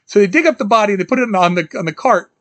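A man casually recapping a film as podcast host, animated, quoting scenes and laughing often. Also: racing, dry recording. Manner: animated, quotes scenes in jumpy high voices, laughs often.

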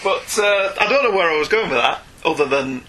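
A man's voice: on the high side, animated, fairly quick, pushed and bright, a little hiss or hum, poor audio. A man with a Northern English accent, co-hosting a podcast in casual, wry chat. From Northern England. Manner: chatty, wry, self-mocking. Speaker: podcast co-host.

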